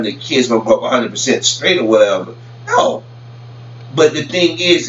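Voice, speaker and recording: A man's voice: fairly high pitch, a bit bright. A man ranting casually to camera in a rambling way, often stammering and repeating words. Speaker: vlogger commenting on celebrity news. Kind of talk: casual opinion rant. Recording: roomy, distant, dull lo-fi with faint hum.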